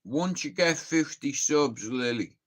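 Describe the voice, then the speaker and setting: A man's voice: on the high side, lively intonation, takes it slowly, a bit bright. A young Irish man chatting live on stream, telling rambling sweary stories and laughing at them. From Ireland. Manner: sweary, rambling storytelling, laughs at own tales. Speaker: livestreamer. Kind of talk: casual live-stream chat.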